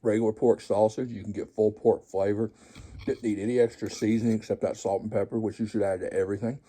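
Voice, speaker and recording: A man's voice: lowish voice, steady tone, fast, dark tone. A man hosting a home cooking vlog, tasting his food and chatting casually with folksy, joking asides to viewers. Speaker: home cooking show host.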